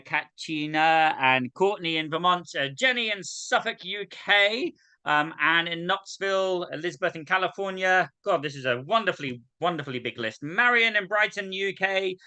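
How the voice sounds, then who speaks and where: A man's voice: on the high side, pushed and bright, clean tone, no room sound. A man hosting a video-call singing session, chatty and self-mocking as he reads out greetings. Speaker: host. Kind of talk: casual welcome and roll call.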